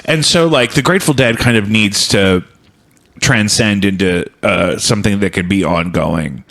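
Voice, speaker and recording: A man's voice: on the low side, moderate pace, creaky, fairly bright tone. A man hosting a podcast in a home studio, talking through ideas in long, thoughtful, rambling explanations. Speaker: podcast host. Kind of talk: casual chat.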